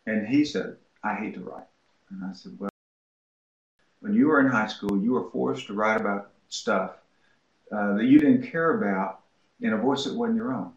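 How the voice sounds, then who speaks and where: A man who teaches writing, answering an interview question with lively anecdotes told from his home office. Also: fairly low pitch. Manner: animated anecdotes, acting out quoted voices. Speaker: writing instructor, interview guest. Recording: roomy, dull lo-fi sound.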